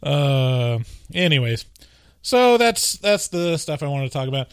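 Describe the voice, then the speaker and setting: An animated man chatting casually as a podcast co-host. His voice sits a little high, and he rambles and cracks jokes. The recording is dry and close. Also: a little slow, smooth, dry recording. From US West Coast. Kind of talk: casual chat.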